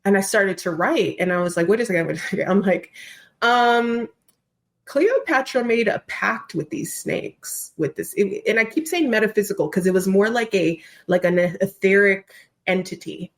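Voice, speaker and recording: A woman, a trained actor, who is a podcast guest, telling a story in casual, expressive chat and swearing now and then. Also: mid-range voice, a little slow.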